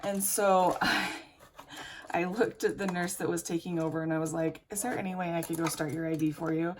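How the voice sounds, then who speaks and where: A young beauty vlogger chats candidly while doing her makeup at home, telling a long personal story in get-ready-with-me style. Her voice is lowish and fairly even in intonation, her pace brisk, with slight background noise.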